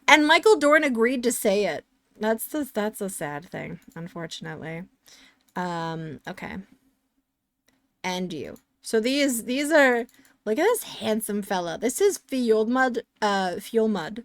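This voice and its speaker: A woman's voice: medium pitch, expressive, slow pace, no echo. A woman streamer chatting casually while playing a game, rambling and sarcastic as she answers chat.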